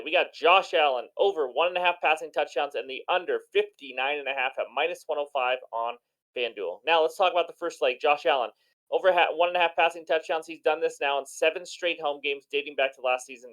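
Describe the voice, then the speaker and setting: A man hosting a sports betting show, giving enthusiastic and chatty commentary on his picks in a hoarse voice. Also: fairly high pitch, a bit bright, rough recording. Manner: enthusiastic, chatty, self-deprecating. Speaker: sports betting channel host.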